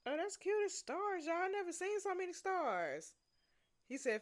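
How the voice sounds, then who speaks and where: A woman reading aloud and reacting to a story game, animated and chatty, talking straight to her viewers. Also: extremely high pitch, normal speed. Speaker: gamer.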